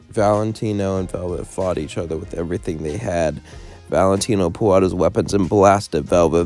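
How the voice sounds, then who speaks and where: A man's voice: low voice, a little mellow. A young man narrating a what-if story casually, with rambling, chatty asides.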